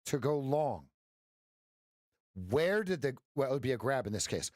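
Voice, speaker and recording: A man's voice: mid-range voice, lively intonation, fast, dry recording, studio quality. A man coaching viewers through trades on a live stream, playful and jokey, breaking into sound effects. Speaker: trading coach. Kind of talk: live-stream trading commentary.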